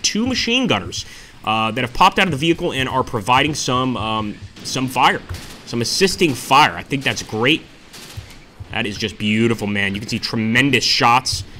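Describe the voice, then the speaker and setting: A man's voice: medium pitch, sharp tone, a little hiss or hum. A man giving enthusiastic let's-play commentary on a war strategy game, often calling his viewers "guys". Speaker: gameplay commentator.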